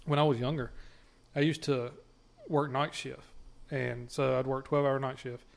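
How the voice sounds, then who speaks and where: A relaxed male co-host chats loosely, swearing freely and drifting from one story to the next. His voice sits at an ordinary middle pitch, and he laughs easily at his own tales. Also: normal speed, gravelly, slight background noise. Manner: laid-back, profane storyteller who laughs often. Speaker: podcast co-host. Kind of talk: casual chat.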